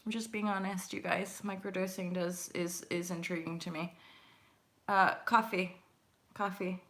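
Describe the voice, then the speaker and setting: A woman hosts a casual live stream and talks her viewers through a tarot reading. Her voice is bright and forward, and she rambles and chats, drops in the odd swear word, and laughs easily. The sound comes through a webcam mic. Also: lowish voice, fairly even intonation, unhurried. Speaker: host doing live intuitive tarot readings.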